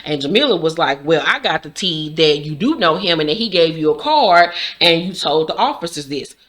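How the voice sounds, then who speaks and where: A woman's voice: deep voice, normal speed. A woman casually recapping a TV drama episode, cursing freely and acting out the characters' lines herself. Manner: profane, animated, acts out characters' lines. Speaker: recap vlogger.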